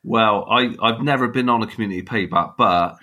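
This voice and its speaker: A man's voice: on the low side, fairly quick, sharp tone, lo-fi sound. A man with a Bristol accent, an actor guesting on a podcast, chatting in an easygoing, rambling way. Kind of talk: casual podcast chat.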